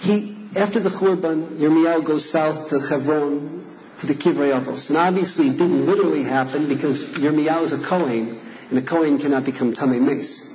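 A man's voice: fairly high pitch, fairly quick, darkish tone, roomy sound, slight background noise. Earnest man teaching, lo-fi recording. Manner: earnest, reads verses aloud and translates them. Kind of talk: lecture explaining liturgical poems. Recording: dull lo-fi recording.

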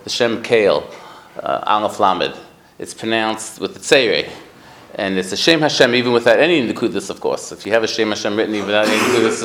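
Man teaching a halting Torah class. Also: medium pitch, a bit bright, rough recording. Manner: halting, with frequent restarts and Yiddish-Hebrew terms. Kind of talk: Talmudic lecture to a study group.

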